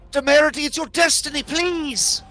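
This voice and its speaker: Shrill desperate old woman, put on by a man, high and bright, pleading. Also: fairly even intonation, unhurried, faint music behind, heavily acted.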